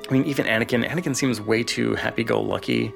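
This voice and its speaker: A man's voice: mid-range voice, fast talker, creaky, soft background music. A man delivering a vitriolic, profane rant in a monologue he recorded himself. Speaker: contributor sending a recorded rant.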